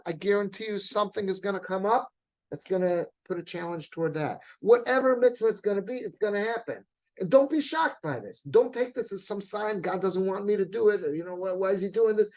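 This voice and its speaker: A man, a rabbi telling a story in a sermon, animated and at times rising to near-shouting. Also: high voice, poor audio.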